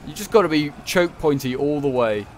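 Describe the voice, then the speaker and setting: A man's voice: on the high side, lively intonation, fairly quick, darkish tone, slight background noise. A man giving casual, rambling commentary on a strategy game battle, correcting himself and tossing in joking asides. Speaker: gameplay commentator.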